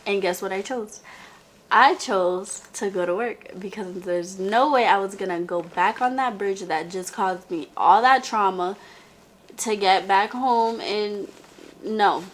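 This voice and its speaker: Brief: young woman vlogger, unhurried, chatty storytime voice with lots of fillers. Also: medium pitch. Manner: chatty, heavy "like" filler, talks to viewer as "girl". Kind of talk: casual storytime monologue.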